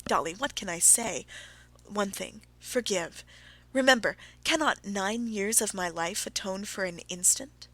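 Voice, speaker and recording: A woman's voice: mid-range voice, a little slow, fairly bright tone, dry recording, poor audio. A woman reading an audiobook, voicing a guilty nobleman who begs his wife for forgiveness, strained and close to tears. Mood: pleading. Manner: pleading, raised and strained. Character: guilty pleading nobleman, tearful husband.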